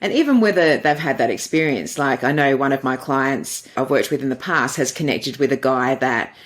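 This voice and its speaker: A woman's voice: a bass voice, expressive, moderate pace. A middle-aged woman, a podcast guest and dating coach, answering interview questions with earnest, flowing storytelling.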